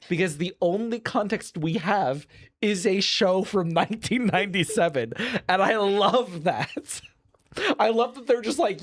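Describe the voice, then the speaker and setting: A woman with a lowish voice chatting on a podcast. Her pitch swings widely and she breaks into laughter often. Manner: giggly, animated, laughs often. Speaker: podcast co-host. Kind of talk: casual chat.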